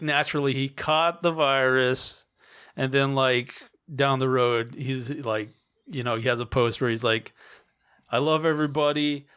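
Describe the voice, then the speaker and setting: A man's voice: medium pitch, smooth. A man co-hosting a comedy podcast, chatting casually with lots of swearing and laughter. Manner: profane, animated, laughs often. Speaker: podcast co-host.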